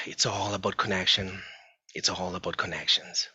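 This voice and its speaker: A man with a low voice that still sounds strikingly bright and forceful gives an informal parenting talk. His tone is husky, and he speaks earnestly, often repeating himself. The recording is dull and lo-fi. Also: flat delivery, normal speed. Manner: earnest, repetitive, addresses listeners as folks. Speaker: psychologist giving a parenting talk. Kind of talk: informal presentation.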